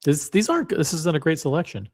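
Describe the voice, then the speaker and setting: A man's voice: fairly high pitch, sing-song, fast, a little mellow. A man hosting his channel, reading out listings in a wry, musing way while browsing on screen. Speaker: watch channel host. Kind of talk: casual screen-share commentary.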